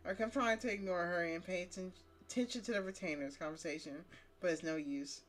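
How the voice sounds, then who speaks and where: A woman's voice: on the low side, fairly quick. A woman streamer reading a story game aloud, breaking her dramatic narration with blunt, profane reactions. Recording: music playing behind.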